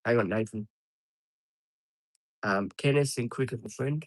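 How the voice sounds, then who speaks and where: A man's voice: mid-range voice, unhurried, no room sound, poor audio. Australian male streamer, easygoing, laughs a lot, dry close sound. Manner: chatty, laughs often, calls viewers mate. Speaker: live streamer. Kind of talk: casual live stream chat.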